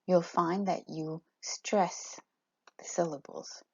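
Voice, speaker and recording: A woman teacher explaining in a clear, step-by-step way and reading examples aloud with a steady beat. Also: on the low side, takes it slowly, muffled recording. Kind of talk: recorded classroom lesson.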